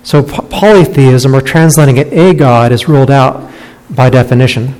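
A man giving a teaching sermon, explaining a scripture passage and slowing down on key phrases. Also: medium pitch, darkish tone. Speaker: preacher. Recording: long hall reverb.

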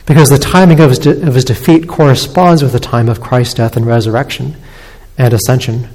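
A man preaching a sermon as pastor, earnest and steady, with frequent small restarts. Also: medium pitch, brisk, long reverb tail, rough recording.

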